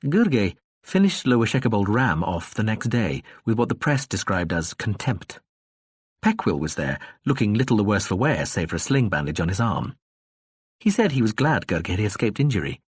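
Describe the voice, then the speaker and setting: Man narrating a novel, husky voice, lively expressive pitch, dry close sound. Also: normal speed, no room sound. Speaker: audiobook narrator. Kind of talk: scripted narration.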